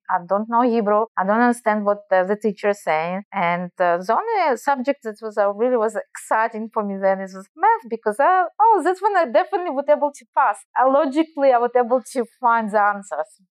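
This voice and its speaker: Russian-accented woman in an interview, smooth clean voice, dry sound, lots of restarts as she thinks. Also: fairly high pitch, expressive, fairly quick, hardly any pauses, dry recording. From Belarus. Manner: earnest, thinking aloud with many restarts. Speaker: guest. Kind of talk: casual interview answers.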